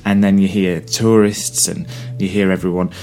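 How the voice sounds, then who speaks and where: A man's voice: sits low, little pitch movement, normal speed, warm tone, faint music behind. A man from Burnley with a Lancashire English accent, co-hosting a podcast and telling rambling stories with many restarts. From Burnley, England. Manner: chatty storyteller, rambling with restarts. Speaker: podcast co-host. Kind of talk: casual chat.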